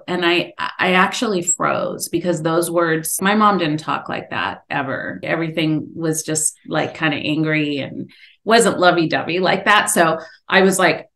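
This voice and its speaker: Middle-aged woman, guest, lowish voice, earnest storytelling, animated when quoting. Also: a little slow. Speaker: podcast guest, author. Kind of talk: personal storytelling in an interview.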